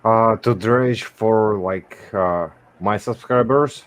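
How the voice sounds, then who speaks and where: Man from wisconsin, stream host, casual chat, lowish voice, halting pauses. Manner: halting, stops often to search for words.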